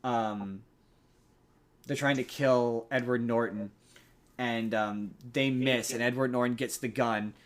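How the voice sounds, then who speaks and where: A man's voice: mid-range voice, fairly even intonation, takes it slowly. A young adult man hosting a podcast, casually recapping a movie plot in a rambling way. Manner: rambling, many restarts and fillers. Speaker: podcast host.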